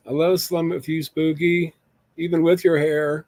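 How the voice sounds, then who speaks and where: A man's voice: a little high, level tone, moderate pace, a little mellow, dry recording. A man casually chatting with viewers on a live stream, rambling and joking as he reads the chat aloud.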